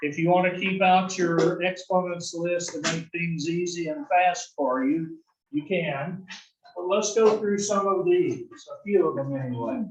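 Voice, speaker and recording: A man teaching an algebra class, explaining slowly and answering his own questions as he goes. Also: sits high, reverberant, recorded from a distance, poor audio. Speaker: math instructor. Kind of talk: recorded classroom lecture.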